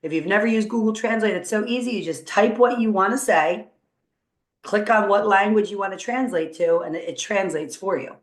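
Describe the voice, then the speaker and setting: A woman's voice: mid-range voice, fairly quick. A woman teacher walking students through a coding tutorial on screen, upbeat and encouraging as she thinks aloud. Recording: roomy echo.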